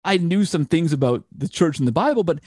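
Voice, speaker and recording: Telling a lengthy personal story to an interviewer, this man keeps restarting and drifting into side remarks. His fairly high voice is expressive, brisk, slightly mellow and husky. It's studio-quality audio with no room sound.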